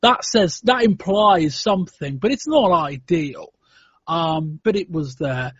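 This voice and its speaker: Man, podcast host, high-pitched, husky, hesitant thinking aloud, dry dull lo-fi sound. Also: animated, slow pace, no echo. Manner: thoughtful, hedging with frequent "um" and restarts. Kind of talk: casual podcast discussion.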